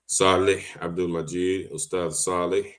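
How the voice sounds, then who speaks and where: A man's voice: low-pitched, little pitch movement, measured pace. A man hosting a casual livestream, talking informally with slang and laughing often. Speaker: online livestream host.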